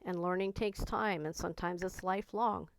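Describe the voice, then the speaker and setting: A woman's voice: on the low side, steady tone, moderate pace, a little hiss or hum, rough recording. A woman talking candidly and earnestly in a personal vlog, reflecting on her own reactions and on learning to be patient with herself. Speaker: vlogger.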